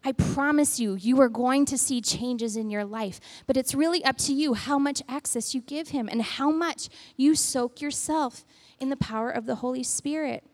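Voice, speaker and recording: A woman with a high voice giving a devotional talk. She tells her story in a chatty way, full of "like," then moves into earnest, heartfelt exhortation. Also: normal speed, a little mellow.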